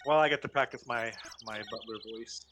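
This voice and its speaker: A man's voice: medium pitch, brisk, fairly bright tone, a little hiss or hum. A man chatting playfully and casually as the host of a co-op game playthrough. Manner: playful, laughing often. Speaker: let's play host. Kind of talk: casual gaming chat.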